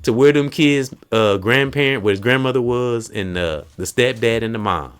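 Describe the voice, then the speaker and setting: A man hosting a casual podcast, telling stories in an animated way and acting out quotes. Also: mid-range voice, moderate pace, clear, resonant tone, faint music behind. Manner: animated storytelling, acts out quotes. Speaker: podcast host.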